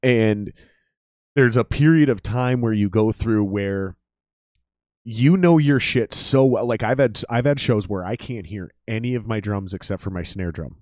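A man with a low-pitched voice chats on a podcast about life as a drummer. He tells stories loosely and profanely and acts out the voices of the people in them. The sound is dry and close-miked. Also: unhurried, dry recording. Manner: profane, animated storytelling with quoted voices. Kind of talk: casual podcast chat.

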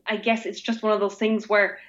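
A woman's voice: medium pitch, flat delivery, a little fast, fairly bright tone. A woman from Austria talks in a loose, chatty way, often restarting her thoughts. Her English has a British and Irish flavor over a German first language. The recording is a little dull and lo-fi. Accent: Austrian with British and Irish English traces. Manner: chatty, many restarts and laughing asides. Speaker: guest. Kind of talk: casual conversation. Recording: slightly dull lo-fi audio.

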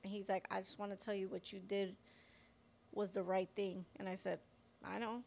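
A woman co-hosting a Christian podcast, telling a personal testimony in a lively way and acting out the voices of the people in her story. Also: medium pitch, moderate pace, creaky, a little hiss or hum. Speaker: podcast co-host. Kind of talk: personal faith testimony in casual chat.

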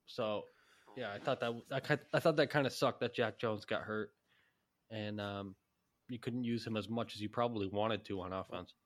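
A man co-hosting a sports podcast, giving quick opinions in casual chat with frequent restarts. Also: fairly low pitch. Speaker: podcast co-host.

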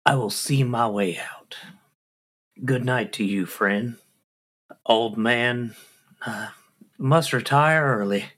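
A tabletop player voicing a polite old man at a night club who speaks in a slow, formal, genteel way. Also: medium pitch, a bit bright. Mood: courtly. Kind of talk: in-character role-play.

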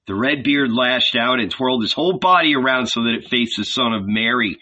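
A man reading a novel aloud as narrator, in a measured, dramatic storytelling manner. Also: medium pitch, bright, forceful tone, dull audio. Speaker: audiobook narrator. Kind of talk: scripted narration.

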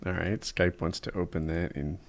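A man's voice: sits low, fairly even intonation, moderate pace, vocal fry. A laid-back man in a casual podcast chat. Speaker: podcast co-host.

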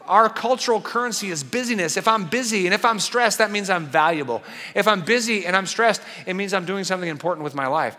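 A pastor preaching a sermon in an animated, conversational way with playful asides. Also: male voice, high-pitched, fast, big-room sound.

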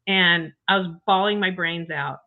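A woman's voice: fairly low pitch, a little slow. An older woman telling her health story in a chatty, emotional way as an interview guest, full of restarts and asides. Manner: chatty, emotional, frequent you-knows and restarts. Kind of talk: casual personal story. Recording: tinny phone-like call audio.

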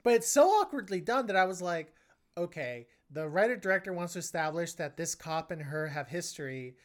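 A woman's voice: on the low side, animated, a little fast. A woman co-hosting a casual movie review podcast, rambling with many restarts. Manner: rambling, frequent restarts and laughs. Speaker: podcast co-host.

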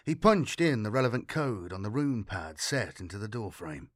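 A man reading a science fiction audiobook in a measured, dramatic way. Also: fairly low pitch, sing-song, dry recording, studio quality. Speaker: audiobook narrator. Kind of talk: scripted narration of science fiction.

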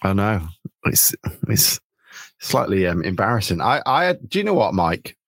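A man's voice: fairly low pitch, very animated, unhurried, a bit bright, husky, no room sound. A man from England hosting a casual football podcast over a video call, chatty, with many ums, restarts and laughs. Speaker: podcast host.

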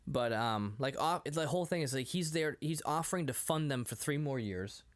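A man in his thirties rambles through a casual movie chat. His voice sits at a middle pitch, and he keeps laughing and breaking into quick acted-out quotes. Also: lively intonation. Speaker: podcast co-host.

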